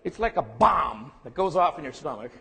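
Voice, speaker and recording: A man's voice: on the high side, very animated, moderate pace, creaky, bright, forceful tone, husky. A man from California giving a candid, self-deprecating and humorous lecture to students, mixing warnings with family stories. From California, United States. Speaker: guest lecturer. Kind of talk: public lecture with storytelling. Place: lecture room. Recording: long reverb in a lecture room.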